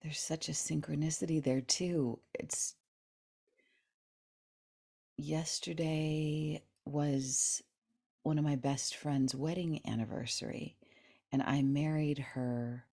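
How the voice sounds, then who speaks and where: A woman with a low voice hosts a podcast in a relaxed, chatty way. She is effusive and talkative, and laughs often. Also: slow, pauses often. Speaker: podcast host. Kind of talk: casual interview chat.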